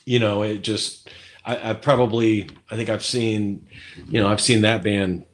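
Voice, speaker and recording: A man's voice: lowish voice, flat delivery, measured pace. A man chatting as an interview guest, rambling with many fillers and restarts. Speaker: guest musician. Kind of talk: casual interview chat.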